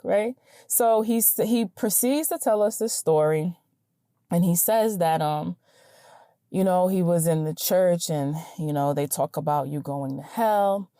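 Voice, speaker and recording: A woman hosting a podcast, telling a personal story in a chatty, animated way with lots of fillers and quick "right?" checks. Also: on the low side, no room sound, studio quality. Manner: animated, chatty, many fillers and tag questions. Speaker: podcast host. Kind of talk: casual storytelling.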